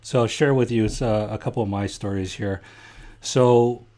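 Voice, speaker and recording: A man's voice: fairly low pitch, fairly even intonation, normal speed, warm tone. A middle-aged man, a podcast host telling stories in a casual, blunt and heated way, swearing freely. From Canada. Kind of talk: casual storytelling chat.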